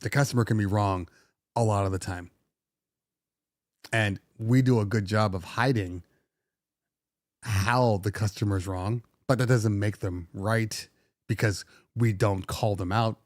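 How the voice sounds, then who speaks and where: A man's voice: fairly low pitch, steady tone, measured pace, long pauses, no echo, clean studio sound. A middle-aged man hosting a casual DJ podcast, venting animatedly and slipping into sarcastic put-on voices. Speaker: DJ podcast host. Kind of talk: casual livestream talk.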